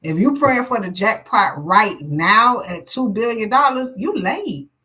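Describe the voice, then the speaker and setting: A woman's voice: medium pitch, animated, measured pace, sharp tone, poor audio. A woman giving a live tarot reading in a blunt, profane, preachy way. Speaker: tarot reader.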